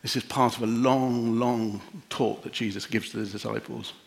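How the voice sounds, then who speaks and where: A middle-aged man preaching a sermon and leading a prayer, gentle and reflective with long pauses. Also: mid-range voice, steady tone, creaky. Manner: emotional, easily moved.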